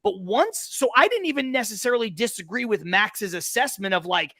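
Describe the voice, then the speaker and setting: A man's voice: sits high, animated, a little fast, hardly any pauses, pushed and bright, no room sound. A man co-hosting a sports podcast, making emphatic, argumentative points in opinionated sports talk. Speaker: podcast co-host.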